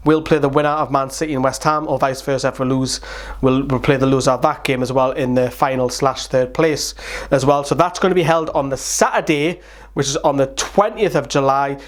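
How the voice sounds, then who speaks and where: A man's voice: mid-range voice, steady tone, fairly quick. A young man hosting a fan channel, chatting casually through a rambling update while tired.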